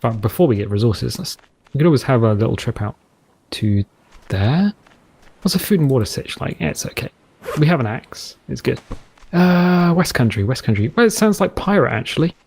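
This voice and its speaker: A British man talks over his gameplay in a loose, joking ramble, now and then dropping into a silly pirate voice. His voice is a little husky, and his pitch swings lively up and down. He speaks into a headset. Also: normal speed. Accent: English. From Britain. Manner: rambling, playful, slips into mock pirate talk. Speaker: gameplay commentator. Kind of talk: casual let's-play commentary.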